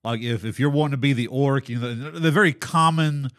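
A man in the host's chair of a casual podcast, spinning animated stories full of quick restarts and asides. His voice sits in a middle register and sounds dry, close to the mic with little room around it. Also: medium pitch, dry recording. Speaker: podcast host. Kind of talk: casual chat about tabletop gaming.

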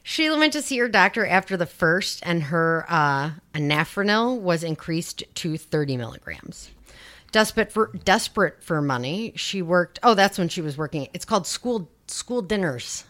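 The podcast host's voice is lowish and fairly bright, with lively intonation at a normal pace. She recounts a true-crime case in a relaxed, chatty style, peppered with sarcastic and sweary side comments.

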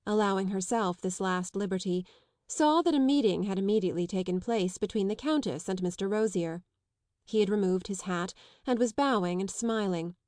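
A woman reads a classic novel aloud for an audiobook. Her reading is steady and clear, in a mid-range voice. The sound is dry and close, with no room around it. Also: mid-range voice, no echo. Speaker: audiobook reader. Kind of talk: scripted literary narration.

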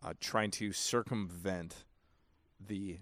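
A man co-hosting a casual podcast, talking in halting restarts with dry humor. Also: low-pitched, fairly even intonation, fairly bright tone, no echo. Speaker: podcast co-host. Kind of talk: casual chat.

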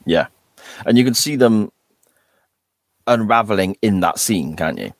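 A man co-hosting a podcast, joking and animated as he talks about an episode, with loud laughing asides. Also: on the low side, unhurried, dry recording. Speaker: podcast co-host. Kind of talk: casual chat about a TV episode.

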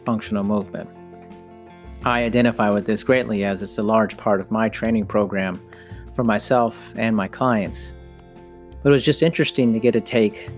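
A man from the United States hosting a podcast interview in a chatty, upbeat way. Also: lowish voice. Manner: upbeat, chatty, with slow deliberate intro phrasing. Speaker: podcast host.

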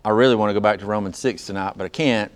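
A man preaching a sermon in a smooth, resonant voice. He teaches in a plain way and slows down to stress each line of scripture he reads aloud. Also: lowish voice, steady tone. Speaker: pastor.

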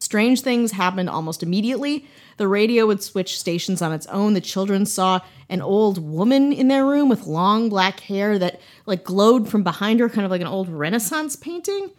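A woman from Wisconsin hosting a podcast, telling a ghost story in a casual, playful way with joking asides. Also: mid-range voice. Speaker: podcast host.

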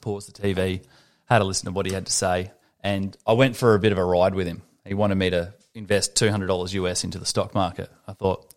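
A man telling stories in casual chat, swearing freely and animated. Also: low voice, a little fast. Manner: profane, animated storytelling.

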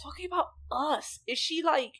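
A woman's voice: sits high, moderate pace, a bit bright. A woman in her thirties co-hosting a podcast, making sarcastic jokes and swearing in casual chat. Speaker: podcast co-host.

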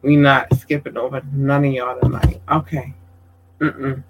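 A man giving casual livestream shout-outs to viewers, effusive and affectionate, calling them babies and swearing casually. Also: medium pitch, flat delivery, a little slow, gravelly, slight background noise, rough recording.

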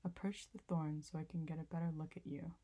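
A woman's voice: low-pitched, steady tone, a little fast, warm tone, a little hiss or hum, lightly acted. A woman voicing a proud, commanding old male king in a storybook reading. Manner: commanding, self-important.

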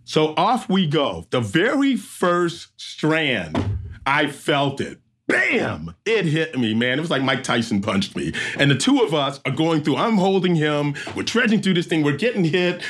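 Man telling a lively story. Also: on the high side, a little slow. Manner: lively storyteller who acts out sounds and voices. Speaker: obstacle race emcee. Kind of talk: animated storytelling.

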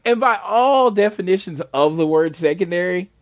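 A man's voice: high-pitched, animated, moderate pace, no room sound, lo-fi sound. Laid-back man chatting on a podcast. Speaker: podcast co-host. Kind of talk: casual wrestling podcast chat.

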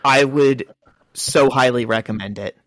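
Man, podcast co-host, casual storyteller, mid pitch, dry close sound. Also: a little slow, dry recording. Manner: chatty storyteller, acts out quotes. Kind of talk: casual chat.

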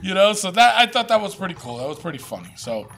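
Animated high-voiced man. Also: fast, vocal fry. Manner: animated, swears freely, laughs often. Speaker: podcast co-host. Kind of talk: casual chat.

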